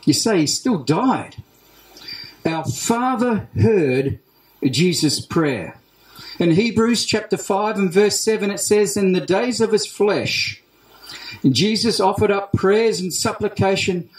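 An Australian man preaching a sermon as pastor, emphatic, repeating key phrases with deliberate pauses. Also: high-pitched, expressive. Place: church hall. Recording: roomy church hall echo.

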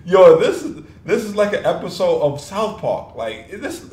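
A man hosting a music reaction video, talking casually, laughing a lot and bursting out in loud, profane disbelief. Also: high-pitched, big pitch swings, moderate pace, few pauses, roomy sound. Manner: laughs often, loud incredulous outbursts, profane.

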